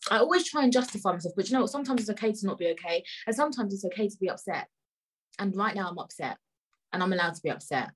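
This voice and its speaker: Husky, furious woman ranting. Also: lowish voice, low-quality recording. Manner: heated, repeats phrases, slangy. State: tired and upset. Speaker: podcast host. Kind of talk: angry ranting monologue.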